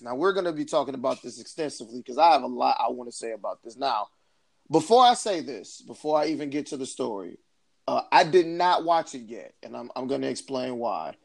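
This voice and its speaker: A man in his thirties with a slightly high, creaky voice hosts a podcast. He chats casually but rambles and hesitates, leaning on lots of fillers.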